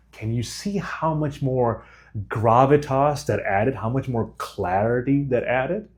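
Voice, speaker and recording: A man teaching how to speak clearly, talking deliberately with small pauses between his phrases. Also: medium pitch. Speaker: communication coach. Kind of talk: instructional monologue to camera.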